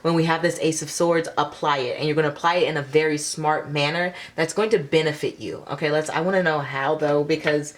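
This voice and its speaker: A young woman with a slightly low voice talks through a tarot reading in a loose, chatty way. She fills her sentences with "like" and breaks into laughter between cards. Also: fairly even intonation, brisk, hardly any pauses, slight background noise. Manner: chatty, laughs often, filler-heavy with lots of "like". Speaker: tarot reader. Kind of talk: casual pick-a-card tarot reading.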